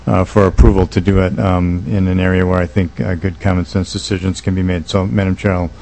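A male state legislator speaking at a committee hearing, earnest and measured, halting with many fillers as he proposes an amendment. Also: low voice, flat delivery, creaky, darkish tone, low-quality recording.

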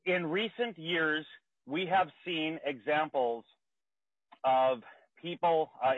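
A breathless man testifies over a thin, phone-like line with no room around the voice. His speech is halting and full of fillers and restarts. His pitch sits at a middling level. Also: dry recording. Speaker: state legislator presenting a bill. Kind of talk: remote committee testimony. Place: outdoors near a car. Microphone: phone call. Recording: tinny dry phone line.

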